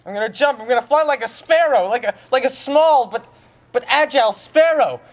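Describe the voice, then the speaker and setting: A man's voice: extremely high pitch, brisk. Young man playing a mopey guy on a ledge. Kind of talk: amateur comedy sketch acting.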